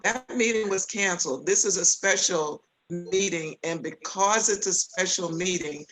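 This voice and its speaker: A woman's voice: lowish voice, measured pace, a bit bright, faint music behind, low-quality recording. A woman commissioner at a public board meeting, raising careful procedural questions.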